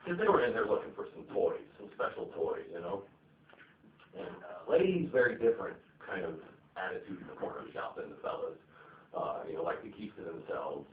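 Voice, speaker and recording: A man's voice: deep voice, expressive, brisk. A man doing a stand-up set, rambling and profane, with lots of fillers. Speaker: stand-up comedian. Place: comedy venue stage. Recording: echoey, tinny, distant live recording.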